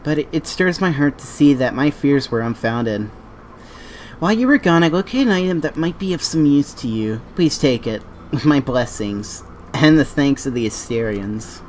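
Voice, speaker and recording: A formal, grateful quest-giver from a fantasy game, voiced by a man reading the dialogue aloud. The delivery is stately and measured. The pitch sits in the middle range, with faint noise behind. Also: lively intonation, natural voice. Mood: solemn.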